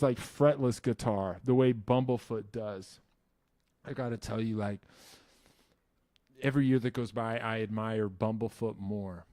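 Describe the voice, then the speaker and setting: A man's voice: medium pitch, moderate pace, dry recording, clean studio sound. A young man from New Jersey hosting a musician's Q&A, talking casually with lots of swearing, restarts and self-mocking asides. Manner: profane, animated, self-mocking, many restarts. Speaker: musician YouTube host. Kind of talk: casual Q&A chat.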